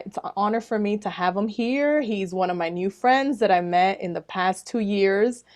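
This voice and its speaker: A woman with Latin American roots hosting a podcast, introducing her guest in a bubbly, enthusiastic way and acting out her own reactions. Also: medium pitch. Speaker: podcast host.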